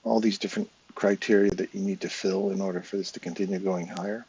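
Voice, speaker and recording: A man's voice: deep voice, little pitch movement, quick pace, vocal fry, a little mellow, breathy edge, dull audio. An English man with a casual, chatty manner, talking viewers through a trading chart live, step by step. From England. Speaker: trading educator.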